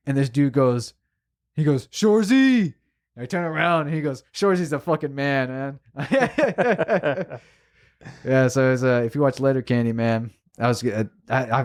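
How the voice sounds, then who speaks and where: A man co-hosting a podcast, telling a story in casual chat, emotional and animated, swearing a lot. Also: medium pitch, fairly quick. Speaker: podcast co-host.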